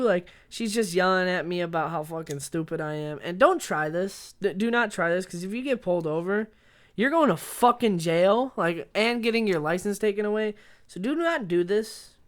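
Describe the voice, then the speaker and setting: A man's voice: high-pitched, a bit bright, clear, resonant tone. A young man vlogger casually telling a story, rambling and swearing as he laughs along. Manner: rambling, profane, laughs through his story.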